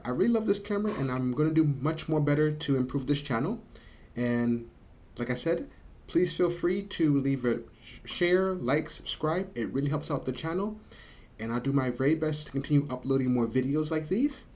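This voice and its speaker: A man hosting a casual video lesson, slowly drawing out words as he demonstrates them. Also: medium pitch, a little mellow. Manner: slow, drawn-out demonstration of words. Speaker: language teacher and channel host. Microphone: camera mic.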